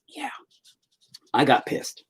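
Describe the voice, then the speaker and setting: A man's voice: takes it slowly, whispered. A man telling a rambling, profane story in casual chat while live-streaming his painting.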